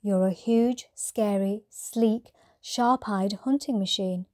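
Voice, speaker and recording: A woman's voice: medium pitch, takes it slowly, darkish tone, natural voice. A woman voicing a tender mother owl comforting her child. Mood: gentle. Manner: soothing, tender. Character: gentle loving mother owl.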